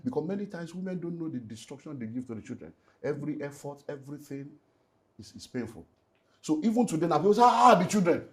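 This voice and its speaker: A middle-aged Nigerian man, a pastor and relationship speaker, giving an emotional personal testimony in an interview. He tells it in a lively way, slips into Nigerian Pidgin, and moves between loud outbursts and hushed moments. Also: fairly high pitch, quick pace.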